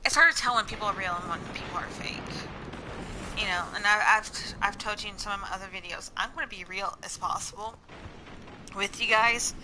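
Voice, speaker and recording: A woman's voice: medium pitch, fairly quick, noisy background. A woman with a slight Southern accent, chatting casually to her viewers in a rambling, stream-of-thought way, full of "like" and "you know". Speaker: vlogger.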